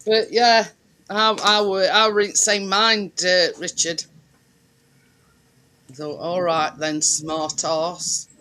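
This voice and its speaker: A man in casual group chat, speaking haltingly and repeating his words. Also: sits high, level tone, sharp tone. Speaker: chat participant.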